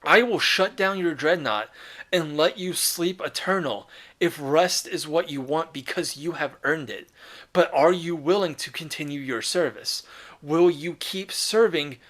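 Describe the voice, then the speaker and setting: A man's voice: on the high side, unhurried. A man voicing a tender, proud demigod father. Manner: warm, tender, reassuring. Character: proud loving fatherly male demigod commander.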